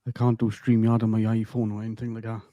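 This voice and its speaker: A man hosting a casual livestream chat, talkative and quick to laugh, on a computer mic. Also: on the low side, completely flat delivery, mellow, dry recording, muffled recording. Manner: chatty, laughs easily. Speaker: livestream host.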